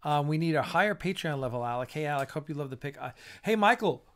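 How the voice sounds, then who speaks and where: A man hosting a relaxed live-stream chat. His voice sits somewhat high, and he sounds worn out and sleepy. He speaks his mind bluntly. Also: fast talker. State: tired and yawning.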